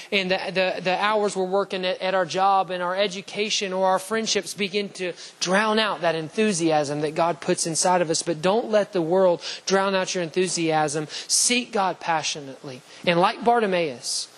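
A man preaching a sermon with passion, using repeated rhetorical lines and rising toward shouts on key phrases. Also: sits high, moderate pace, low-quality recording. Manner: repetitive rhetorical lists and questions.

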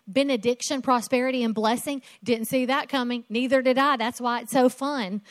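High-voiced emphatic woman preacher. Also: fairly even intonation, moderate pace, no room sound. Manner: emphatic, rhetorical questions, repeating phrases. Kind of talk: sermon.

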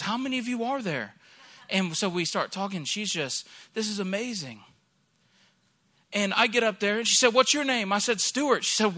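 With a voice that sits high, a man in his thirties delivers a sermon. He's a pastor from Alabama, telling a lively personal story and acting out the people he quotes along the way.

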